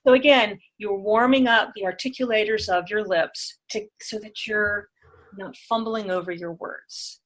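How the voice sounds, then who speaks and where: A woman being interviewed as a speaking and presentation coach, talking in a lively, demonstrative way and acting out vocal exercises. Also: medium pitch, unhurried, rough recording. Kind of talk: conversational interview.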